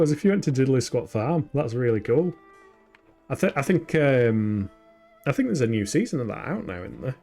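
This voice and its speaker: A young Yorkshireman streams a game in a mid-range, dark-toned voice, chatting with viewers and muttering to himself as he plays. The talk is casual and chatty, with plenty of self-mockery.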